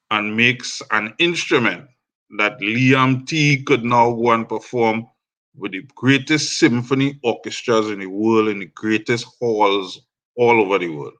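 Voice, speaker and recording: Trinidadian man guest, unhurried, reflective storyteller, slow delivery. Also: mid-range voice, pushed and bright. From Trinidad and Tobago. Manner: measured, reflective. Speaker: guest musician. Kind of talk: storytelling interview.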